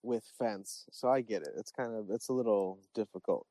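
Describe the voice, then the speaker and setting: A man's voice: fairly low pitch, moderate pace, mellow, no echo. A man chatting as a guest on a comedy podcast who plays along in a laid-back way with dry asides. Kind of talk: casual comedic chat. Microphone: phone app audio.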